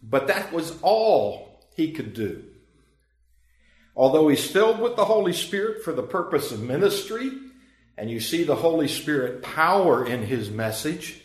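A man's voice: medium pitch, roomy sound. A man preaching a sermon as pastor, earnest and emphatic, with swelling and dropping emphasis.

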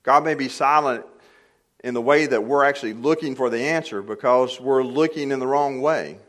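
A man's voice: mid-range voice, moderate pace, fairly bright tone. An older man preaching a sermon in a church, plainly conversational with light humor, rising to emphatic peaks on key points. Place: church sanctuary.

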